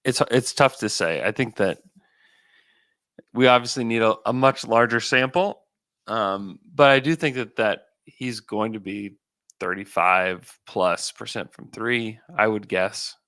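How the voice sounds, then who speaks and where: A man co-hosting a basketball podcast, talking in a relaxed way and thinking aloud with fillers and restarts. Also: lowish voice, a little slow, no room sound. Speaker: podcast co-host. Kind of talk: casual basketball chat.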